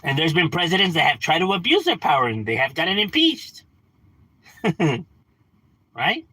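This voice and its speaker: Casting: young guy, livestream ranter, blunt and profane, bright husky voice, very lively pitch. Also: moderate pace, no room sound, low-quality recording. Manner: blunt, profane, rhetorical questions. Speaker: livestream host. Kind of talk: casual ranting on a livestream.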